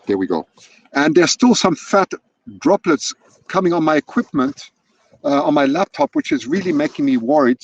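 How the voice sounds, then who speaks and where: A man with a fairly high, slightly mellow voice hosts an outdoor wildlife stream on a hilltop, chatting loosely with many restarts. The recording from his laptop's external mic is dry and lo-fi.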